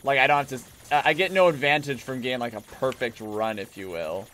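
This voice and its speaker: A man's voice: medium pitch, fairly quick, fairly bright tone, a little hiss or hum. A man streaming a video game, giving casual commentary full of swearing and emotional outbursts.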